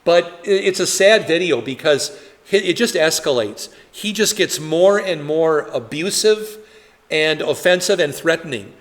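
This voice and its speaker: A man's voice: fairly high pitch, animated, measured pace, long reverb tail. A male pastor leading a conversational Bible study, talking in a chatty way with many fillers and rhetorical questions.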